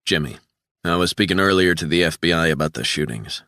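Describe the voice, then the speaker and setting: A man reads a calm, terse investigator in an audiobook. The voice is deep and level, with a bright, forward tone. The recording is close and dry. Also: brisk, no echo.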